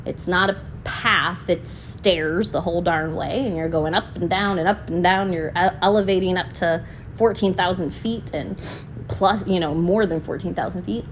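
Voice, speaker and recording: A woman's voice: fairly low pitch, normal speed, a little hiss or hum. A woman hosting a podcast, talking in a casual, heartfelt monologue that often turns emotional and is full of "you know" fillers. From United States. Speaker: podcast host.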